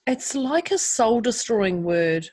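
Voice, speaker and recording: A woman's voice: on the high side, big pitch swings, slow pace, a little mellow. A woman co-hosting a podcast, telling stories frankly and with animation in casual chat. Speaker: podcast co-host.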